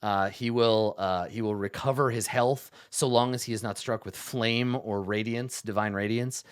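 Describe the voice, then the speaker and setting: Dude running a tabletop game, rambly, says like a lot. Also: male voice, lowish voice, steady tone, normal speed, smooth, no echo, studio quality. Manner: rambling, lots of "like" fillers. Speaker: game master.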